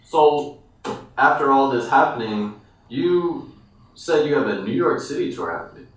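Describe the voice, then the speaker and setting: A man interviewing a guest in a casual interview, asking questions in a measured, slow way. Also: mid-range voice, animated. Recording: echoey room, mic far off.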